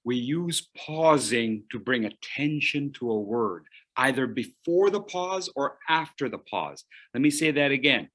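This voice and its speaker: A man coaching public speaking in an online workshop, playful, with dramatic pauses, swinging from loud to hushed. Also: medium pitch, expressive.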